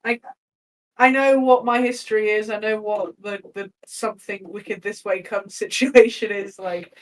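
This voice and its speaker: A woman's voice: mid-range voice, steady tone, a little slow, far from the mic, low-quality recording. Laughing woman player a bit off-mic. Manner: chatty and swearing, laughing often. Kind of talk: playing a tabletop game.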